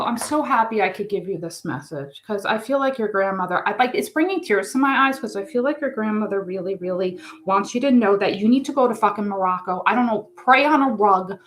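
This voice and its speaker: A woman's voice: medium pitch, a bit bright. A woman giving a live tarot reading, chatting in a rambling, emotional, effusive way. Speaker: tarot reader. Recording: echoey room.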